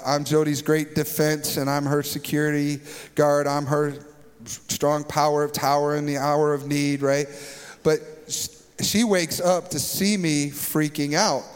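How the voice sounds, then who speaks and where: A man preaching a sermon as a pastor, telling stories in an animated way and acting out the scenes. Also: a little high, smooth, in a large hall. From Minnesota. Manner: animated storytelling, acts out scenes.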